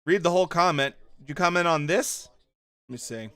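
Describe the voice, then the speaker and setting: A man hosting a livestream watchalong, talking loosely with chat and reacting to what is on screen. His voice sits a little high and sounds bright and crisp. It is recorded close on a dry mic with no room sound. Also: fairly quick, dry recording. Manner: chatty, reacts to chat and the show with loose fan talk. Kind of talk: casual livestream commentary.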